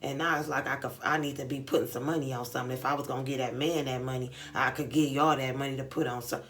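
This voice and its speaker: A young woman vlogger telling a story in casual, animated, slangy chat, acting out the dialogue. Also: a bass voice, quick pace. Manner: animated, slangy retelling with lots of quoted dialogue. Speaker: beauty vlogger.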